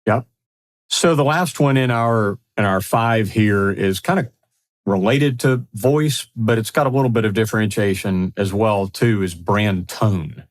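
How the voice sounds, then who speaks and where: Male podcast co-host, lowish voice, upbeat and affirming. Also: a little slow. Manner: upbeat, affirming, builds on points. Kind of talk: casual podcast discussion.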